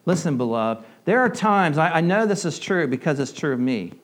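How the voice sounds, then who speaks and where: A man's voice: fairly high pitch, big pitch swings, normal speed. Man preaching a conversational sermon. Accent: southern US. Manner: conversational preaching, repeats words, asks the audience questions. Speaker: pastor.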